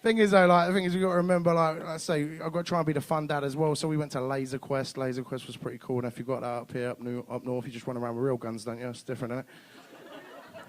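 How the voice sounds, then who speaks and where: A man's voice: mid-range voice, flat delivery, fast talker. A man, doing a stand-up comedy set in a club, swearing and acting out bits of dialogue. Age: 30s. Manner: swearing, acts out dialogue with shifts of voice.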